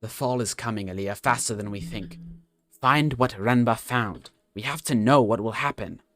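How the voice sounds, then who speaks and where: A man's voice: medium pitch, moderate pace, fairly bright tone, no room sound, lightly acted. A man reading the urgent, earnest lines of a stern woman scholar from a game aloud.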